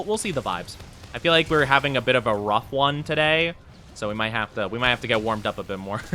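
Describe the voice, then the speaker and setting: With a bright, forceful, medium-pitched voice, a young man banters on a game live stream, laughing quickly and putting on bursts of mock self-pity. There's a little hiss or hum on the audio.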